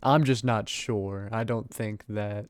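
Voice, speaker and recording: A man speaking as a player in a tabletop game, earnest and halting. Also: fairly low pitch, fairly even intonation, clean tone, no room sound. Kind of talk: in-character tabletop play.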